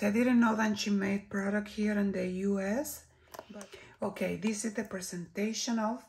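Chilean woman reviewing makeup, Spanish-accented English, unhurried with a gravelly edge, slips into soft whispers. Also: medium pitch. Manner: slow, lingering, drops to soft whispers when admiring products. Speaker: beauty vlogger. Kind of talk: product review and tutorial.

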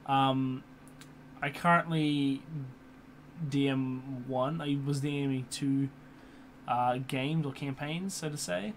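A man's voice: mid-range voice, steady tone, takes it slowly, pauses often. Young male vlogger, casual and rambling, swears a lot, fan hum in the room. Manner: swears often, many fillers and restarts. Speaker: YouTuber. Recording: computer fan hum in background.

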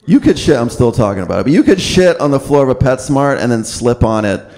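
A man doing a stand-up comedy set on a club stage, telling deadpan stories full of swearing and quick put-on voices. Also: medium pitch. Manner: deadpan storytelling, swears, acts out other voices. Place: comedy club stage before a live audience.

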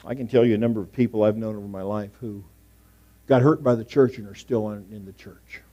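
Storytelling pastor with dramatic hushed asides. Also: male voice, fairly low pitch, fairly even intonation, brisk, lo-fi sound. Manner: storytelling, swings from loud emphasis to hushed asides. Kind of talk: sermon. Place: church sanctuary.

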